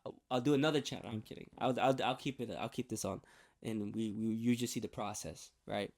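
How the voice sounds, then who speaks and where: A man giving a candid personal faith testimony on his vlog, talking haltingly with many restarts and repeated words. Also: lowish voice, steady tone, gravelly, a little mellow. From New York. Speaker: faith vlogger.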